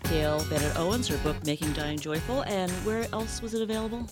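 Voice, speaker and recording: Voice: medium pitch, fairly even intonation, a little fast, music in the background. A talk show host chatting with a guest and asking long, rambling questions. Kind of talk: casual TV interview.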